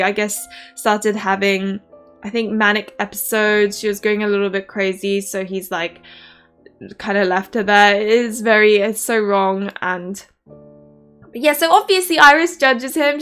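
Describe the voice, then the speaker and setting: A woman casually reviewing a book in a rambling, animated way, full of fillers. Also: a little high.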